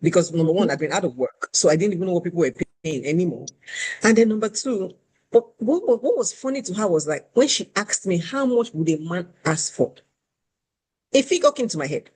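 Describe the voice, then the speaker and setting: A woman host tells a personal story in a relaxed conversational flow. She is candid and animated and pokes fun at herself as she talks. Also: on the low side, fast, breathy edge. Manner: candid, animated, self-deprecating.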